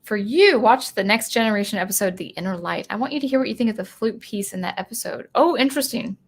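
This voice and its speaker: Woman, music channel host, casual live-stream chat, halting and repetitive. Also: medium pitch. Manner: rambling with many restarts.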